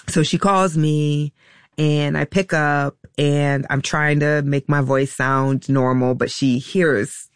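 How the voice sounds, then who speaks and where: A woman, a mother being interviewed, telling a personal story in a halting, reflective way with many pauses and restarts. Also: a bass voice, gravelly, no room sound, clean studio sound.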